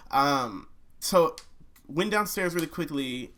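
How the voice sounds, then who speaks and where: A man's voice: on the high side, takes it slowly. A young man chatting casually about making his album, telling stories animatedly and humming melodies as he goes. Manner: animated storyteller who hums melodies mid-sentence. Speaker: singer discussing his album. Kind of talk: casual chat.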